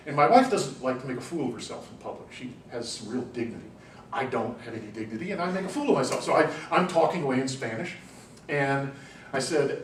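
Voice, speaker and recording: A man giving a university class lecture, telling anecdotes in an animated, chatty way with frequent "you know"s. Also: mid-range voice, a little fast. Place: lecture room. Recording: roomy classroom, distant mic, faint hum.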